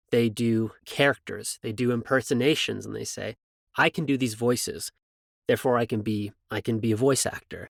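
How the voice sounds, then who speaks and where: A man's voice: medium pitch, creaky, no room sound, clean studio sound. A man hosting a podcast who works in voiceover, talking earnestly and joking while praising his guest. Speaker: podcast host, voice actor. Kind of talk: casual interview chat.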